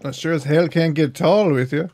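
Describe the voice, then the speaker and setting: A man playing a tabletop game, answering in a gruff, snappish way. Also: fairly high pitch, normal speed, darkish tone. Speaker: player. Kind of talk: casual tabletop game banter.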